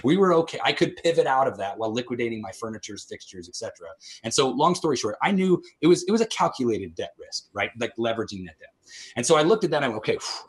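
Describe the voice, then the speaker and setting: A man in his thirties, an entrepreneur guest on a podcast, telling his story in an animated, energetic way and laughing often between asides. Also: mid-range voice.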